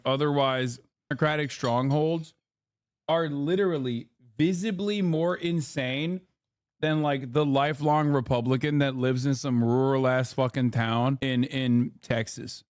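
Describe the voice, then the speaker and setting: A man's voice: mid-range voice, unhurried, dry recording, studio quality. Man doing mocking streamer commentary. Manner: profane, mocking, conversational. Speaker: streamer reacting to clips. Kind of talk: casual commentary.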